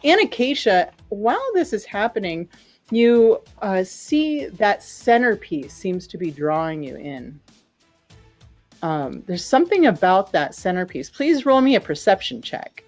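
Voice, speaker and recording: A woman's voice: mid-range voice, very animated, measured pace, darkish tone. Gm lady narrating the scene, lots of ums and likes, faint music under it. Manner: loose, filler-heavy narration. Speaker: game master. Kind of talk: narrating a tabletop game.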